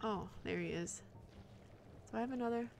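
A woman's voice: a little high, normal speed, gravelly, a little mellow, slight background noise. A woman streaming live gameplay commentary, muttering and swearing in frustration at the game as she plays.

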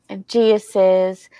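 A woman hosting a casual craft livestream, reading viewer comments aloud in an unhurried, chatty way and laughing often. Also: medium pitch, mellow, smooth, dry recording.

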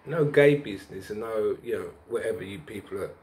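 A man's voice: fairly low pitch, brisk. Preachy man telling a story. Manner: preachy, lively storyteller who sings snatches and laughs. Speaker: vlogger. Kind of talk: rambling spiritual storytelling.

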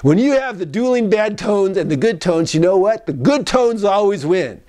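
Male therapist, animated talker who mimics tones and repeats his points, high-pitched voice. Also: moderate pace. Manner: animated, acts out tones of voice, repeats key phrases. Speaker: psychologist. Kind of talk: casual advice monologue.

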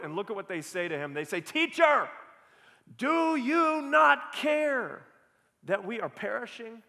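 Male pastor, high voice, earnest sermon, rhetorical questions, long hall reverb. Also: fairly bright tone.

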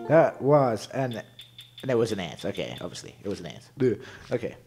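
Man muttering through gameplay commentary. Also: medium pitch. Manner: mumbling to himself, joking. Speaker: let's play host.

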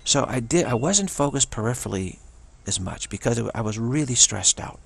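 A man's voice: medium pitch, lively intonation, fairly quick, creaky, slightly rough. A man giving a solo spoken commentary, rambling earnestly and often repeating and restarting his phrases. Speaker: channel host.

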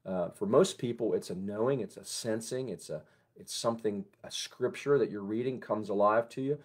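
A man who is a pastor, giving a conversational morning devotion and prayer in a gentle, unhurried way. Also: lowish voice.

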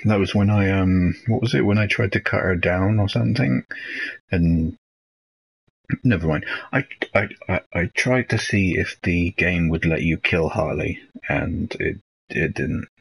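A man's voice: low voice, creaky, breathy edge, poor audio. A man, casually commenting while playing a video game live, rambling and swearing and often trailing off mid-thought.

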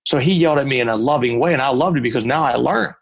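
Gravelly-voiced man telling stories. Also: mid-range voice, rapid-fire, rough recording. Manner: animated anecdotes with quoted voices. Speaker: guest, author and speaker. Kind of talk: storytelling in a podcast interview.

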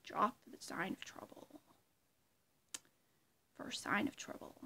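A woman impersonating an unhinged male villain clown in a whispered role-play, with a breathy, hissing whisper and slow, sinister taunting. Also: mid-range voice, animated, sharp tone, heavily acted. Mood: menacing whisper.

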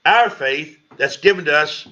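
A middle-aged pastor tells his conversion story at a church Bible study, his voice a touch high and bright with force. He tells it in a lively storyteller's way, leaping up in pitch when he quotes his own words. The sound is dull and lo-fi, like a church livestream. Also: unhurried. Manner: storytelling, animated, rises high when quoting himself.

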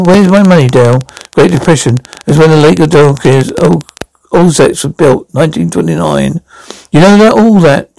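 A man reading a fan-made radio drama and voicing every role himself, with a halting delivery full of stumbles and restarts. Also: on the high side, gravelly, darkish tone, rough recording. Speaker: fan audio drama reader voicing all roles.

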